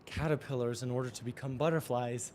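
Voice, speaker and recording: A man's voice: medium pitch, steady tone, fairly quick, a little mellow, slight background noise. A man exercising during a live-streamed motivational talk, earnest and affirming, often chuckling. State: exercising while talking. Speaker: spiritual coach.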